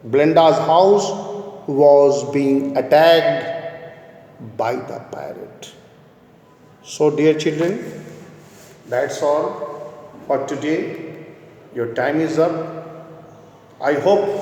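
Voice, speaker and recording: A man teaching a poem in a slow, drawn-out way, repeating key words and answering his own questions. His voice sits a little high. The sound rings around a bare, echoing room with a long tail. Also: a little mellow. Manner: slow, repetitive explaining with questions he answers himself. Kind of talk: online literature lesson. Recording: echoey room with long reverb.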